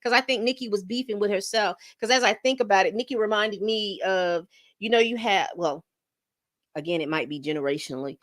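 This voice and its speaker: A woman's voice: medium pitch, a little fast, dry recording, studio quality. A middle-aged woman hosting a casual livestream, rambling and reading chat comments aloud. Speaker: livestream host.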